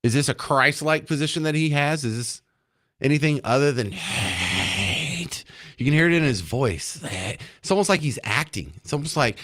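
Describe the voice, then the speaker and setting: Casting: male radio host, mid-pitched, sarcastic and mocking studio monologue. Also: animated, normal speed, fairly bright tone.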